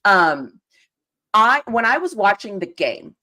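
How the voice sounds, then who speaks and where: A woman hosting a live football recap show, talking as an excited, ranting fan who laughs often. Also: mid-range voice, takes it slowly. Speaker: podcast host. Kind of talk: live sports recap chat.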